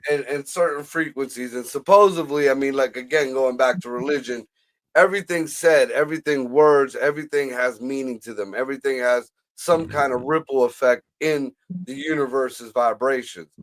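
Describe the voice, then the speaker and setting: A man on a casual podcast who rambles through loose ideas with crude jokes and sudden loud outbursts. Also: medium pitch, moderate pace. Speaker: podcast co-host.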